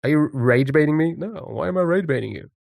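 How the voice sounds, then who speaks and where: A man's voice: a little high, lively intonation, fast, vocal fry, a little mellow, dry recording, clean studio sound. A man streaming live, chatting casually with viewers and thinking aloud while guessing words. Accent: non-American English.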